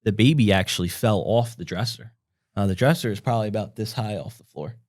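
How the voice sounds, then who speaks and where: A young male podcast co-host tells a long, rambling story in a relaxed way, packing it with "like" and other fillers and acting out quotes. His voice is lowish and a little mellow, and he speaks briskly. The studio sound is clean, with no echo.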